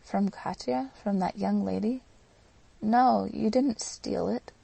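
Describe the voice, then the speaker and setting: A woman's voice: mid-range voice, takes it slowly, vocal fry, dark tone, husky, no echo, exaggerated voice, low-quality recording. A woman voicing an impassioned young woman in an audiobook, pleading and emotional. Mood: fervent.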